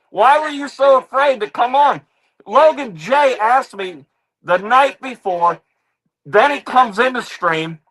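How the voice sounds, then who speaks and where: A man's voice: sits high, poor audio. A man hosting a reaction stream, mocking people in a rant and repeating the same catchphrase over and over. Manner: mocking rant, keeps repeating "ladies and gentlemen". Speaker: streamer host.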